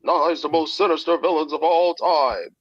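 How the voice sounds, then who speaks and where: A man putting on a dramatic old-time cartoon announcer voice with a booming delivery. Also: moderate pace, natural voice. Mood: ominous. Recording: dull lo-fi sound.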